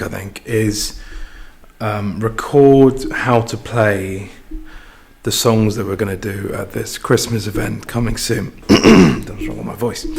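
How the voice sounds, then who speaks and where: Speaking with a fairly low pitch and vocal fry, a man cooks in an echoey kitchen where faint clatter can be heard. He's a musician vlogging casually about his day, rambling, swearing freely, and putting himself down with humor.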